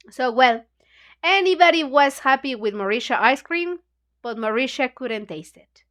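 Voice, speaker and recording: A woman's voice: high voice, expressive, moderate pace, fairly bright tone. A woman, a non-native English speaker whose first language is Spanish, hosting a beginners' book club and retelling a children's story loosely, with many "you know, like" fillers.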